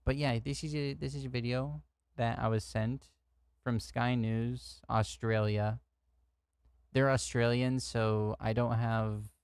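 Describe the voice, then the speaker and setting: A man's voice: medium pitch, a little mellow, clear, resonant tone, no echo. American guy streaming reaction rants, swears a lot, laughs, super dry close sound. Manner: outspoken, swearing, laughs often, heated rants. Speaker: streamer reacting to news clips. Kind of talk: casual reaction commentary.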